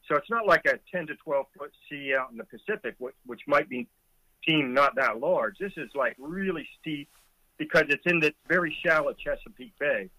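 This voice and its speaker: Speaking with a fairly high pitch and an animated, bright, forceful tone, this middle-aged former Coast Guard boatswain's mate tells a rescue story vividly, with chuckles, as a conversation guest. His pace is moderate. There's no echo, but the audio quality is poor.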